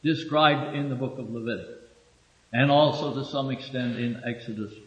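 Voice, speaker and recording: A man giving a sermon-style Bible lesson, halting with many filler pauses and lifting his voice to read verses. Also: medium pitch. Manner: reads verses aloud with raised emphasis. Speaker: preacher teaching from scripture. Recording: dull echoey recording from a hall.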